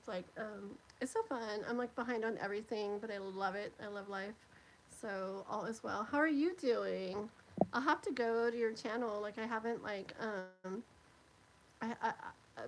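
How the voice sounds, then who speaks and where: Giggly lady on a live tarot stream, high voice, lots of "like", hissy noisy mic with clicks. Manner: giggly, bubbly, chatty, lots of "like". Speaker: tarot reader hosting a livestream. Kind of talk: casual livestream chat, reading comments aloud.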